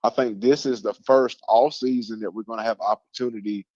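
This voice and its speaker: A man's voice: on the low side, fairly even intonation, brisk, darkish tone, dry recording. Man chatting sports, dull dry audio. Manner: rambling, many fillers and restarts. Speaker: sports talk show host. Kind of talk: casual sports talk.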